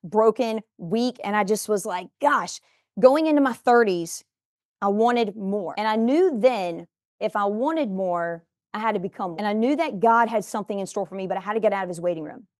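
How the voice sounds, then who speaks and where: A woman's voice: mid-range voice, lively intonation, normal speed, dry recording. A woman in her forties gives a motivational talk in a studio, speaking emphatically and addressing viewers directly.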